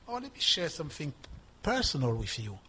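A man around sixty preaching a sermon in an emphatic manner, repeating words for stress and swinging between loud and soft. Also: on the high side, huge pitch swings, fairly quick, slight background noise. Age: 60s. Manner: emphatic, rising and dropping in volume, repeating for stress.

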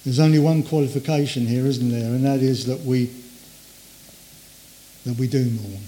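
An older man preaching a sermon in a conversational way, acting out inner voices and trailing off softly. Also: medium pitch, lively intonation, normal speed.

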